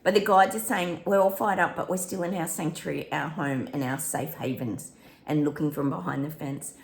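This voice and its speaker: A woman's voice: sits low, fairly even intonation, moderate pace, gravelly, echoey room, slight background noise. A woman hosting a psychic prediction channel, chatting casually to viewers, breaking into bits of song and laughing often.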